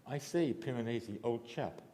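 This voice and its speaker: A man voicing a pompous upper-class British gentleman with a put-on posh British accent. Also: medium pitch, normal speed, a little hiss or hum, close to an everyday voice. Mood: haughty. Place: lecture hall.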